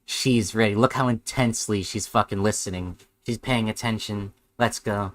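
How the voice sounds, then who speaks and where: A man's voice: on the low side, fairly even intonation, moderate pace, no room sound. A man streaming a live reaction, sarcastic and rambling, with heavy swearing.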